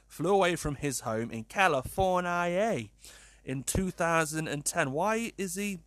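Male podcast host, bright expressive voice, incredulous, swears and laughs freely, dry close sound. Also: fairly high pitch, no echo. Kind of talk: casual podcast chat reading news stories.

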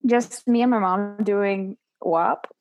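A young woman in casual chat, telling a story in a giggly, animated way. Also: mid-range voice, slow, dull audio, over loud music.

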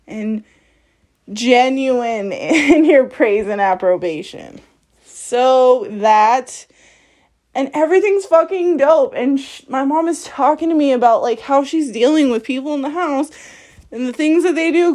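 A woman's voice: sits high, a little mellow. A woman hosting a podcast, telling a personal story in a frank, profane way and laughing often as she talks. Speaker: podcast host. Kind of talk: candid personal monologue.

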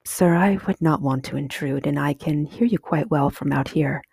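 A woman doing a timid, husky lady mouse. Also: deep voice, moderate pace, a little mellow, no echo, heavily acted. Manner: timid and hesitant. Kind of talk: whispered role-play.

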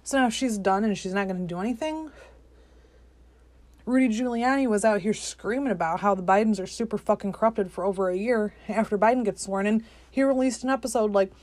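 A woman's voice: mid-range voice, moderate pace, a little mellow, no echo. Profane, skeptical woman ranting solo. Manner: profane, skeptical, exasperated outbursts. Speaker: podcast host. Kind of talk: ranting political monologue.

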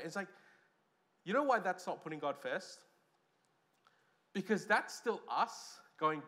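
A man with an Australian accent preaching a sermon as pastor, lively, with loud stresses and quiet asides. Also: sits high, moderate pace, pauses often.

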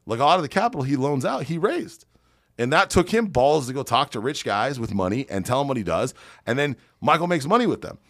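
A man's voice: medium pitch, big pitch swings, fairly quick, a bit bright, dry recording, studio quality. A man guesting on a podcast as a real estate investor, telling brash, boastful stories full of swearing. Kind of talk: profane storytelling on a podcast.

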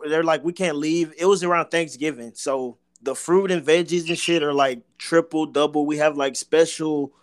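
A man's voice: a little high, steady tone, normal speed, hardly any pauses, no echo, studio quality. A young man co-hosting a podcast in casual chat, swearing freely and calling his friend bro. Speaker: podcast co-host. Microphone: own mic, remote call.

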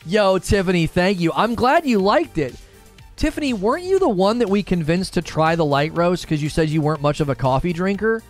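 A chatty, upbeat man in his thirties hosts a live talk stream from home, reading viewer comments and thanking people by name. His voice sits a little high for a man. Faint music plays quietly behind him. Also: very animated, a little fast.

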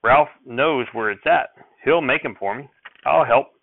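Man doing a feisty country woman, tart and snippy, gravelly, sounds like a phone line. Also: mid-range voice, unhurried, no room sound. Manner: tart, sniffing retorts in country dialect. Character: peevish, sharp-tongued farm woman.

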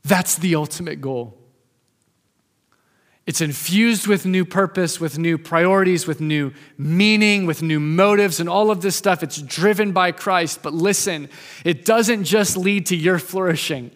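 A male preacher telling a story in a sermon, speeding up and slowing down for emphasis. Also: high voice. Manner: lively storytelling, shifts from fast to slow, emphatic. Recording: long hall reverb.

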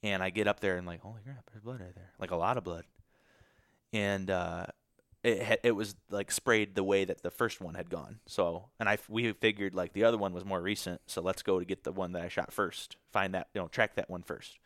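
A man's voice: deep voice, steady tone, fairly quick, fairly bright tone, no room sound, studio quality. A man from Michigan, a podcast guest, telling a story in a casual, emotional way full of fillers.

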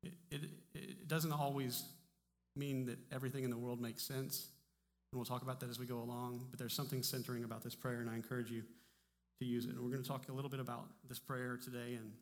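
A male pastor delivers a casual, conversational sermon, often stumbling and restarting his phrases. His mid-pitched voice carries a long reverb tail from the church hall around him. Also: fast talker. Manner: relaxed, conversational preaching with frequent restarts. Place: church sanctuary.

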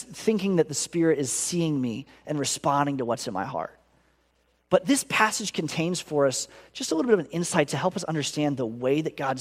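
A male pastor preaching a sermon in an earnest, expressive way. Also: in a large hall. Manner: earnest, acts out inner voices with big pitch swings.

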